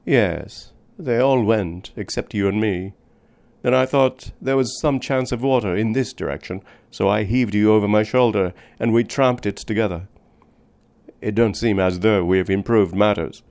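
A man's voice: on the low side, normal speed, a little mellow. A man voicing a dying frontier wanderer, weary. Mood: tender, weary. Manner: tender, rough folksy drawl.

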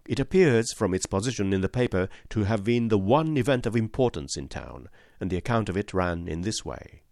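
A man narrating a classic detective story in a measured, precise audiobook reading, voicing the detective's lines too. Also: on the low side, expressive, darkish tone, no room sound, studio quality.

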